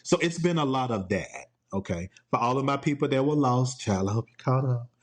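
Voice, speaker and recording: Casting note: playful man hosting a laid-back solo podcast, middle pitch, breaks into laughs. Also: animated, a little fast. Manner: playful, laughs often, quotes TV clips in put-on voices. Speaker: podcast host. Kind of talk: casual solo podcast chat. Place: home.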